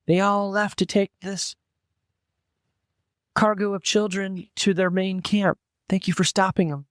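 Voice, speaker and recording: Guy doing a little halfling mom voice, high-pitched, soft, kinda sad, dry sound. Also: flat delivery, unhurried, smooth, no room sound. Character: pregnant female halfling villager, small and sorrowful.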